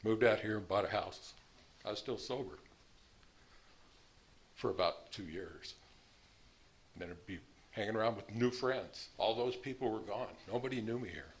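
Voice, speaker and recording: Fairly low in pitch, moderate in pace and marked by long pauses, this voice belongs to a man in his sixties sharing his personal recovery story. He tells it bluntly and plainly, at times laughing at his past.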